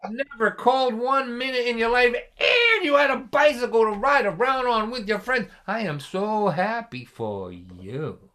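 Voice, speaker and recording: A man's voice: very high voice, big pitch swings, a little slow, hardly any pauses, pushed and bright, voice pushed up, full character voice. A man playing his stern steelworker father, who guilt-trips his son about a hard childhood. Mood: guilt-tripping.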